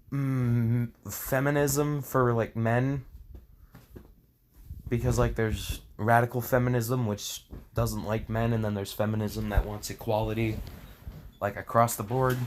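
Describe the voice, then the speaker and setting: A man's voice: medium pitch, a little hiss or hum. A young man reading a fan story aloud for comedy, breaking off into sarcastic asides, laughing often and stumbling over words. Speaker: fan fiction reader.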